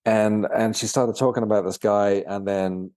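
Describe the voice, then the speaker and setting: A man, a guest and author, telling his story in a casual interview, halting and often repeating words. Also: fairly low pitch, fairly even intonation, warm tone, smooth, no echo, studio quality.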